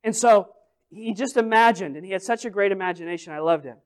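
High-voiced man preaching with big volume swings. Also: fast talker, smooth. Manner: acts out scenes and quotes with playful voices. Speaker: pastor. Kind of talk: sermon.

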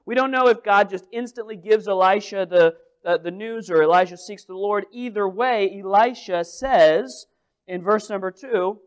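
A male pastor preaching a sermon in a conversational, humorous way, moving between loud emphasis and quiet asides. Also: high-pitched, normal speed, clear, resonant tone.

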